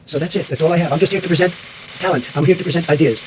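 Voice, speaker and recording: A man's voice: a little high, racing, a little hiss or hum. Combative man at a press briefing. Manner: combative, repetitive phrasing. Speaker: president.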